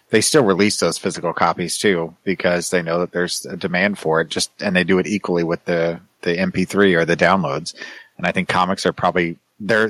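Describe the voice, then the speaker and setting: A man's voice: low voice, fairly bright tone, dry recording. A man on a casual podcast, thinking aloud and restarting his sentences as he makes his point. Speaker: podcast co-host.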